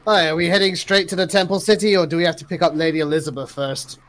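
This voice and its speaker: A man's voice: fairly high pitch, steady tone, fast talker, fairly bright tone. A man playing a tabletop game, speaking mildly and reasonably in character. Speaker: player.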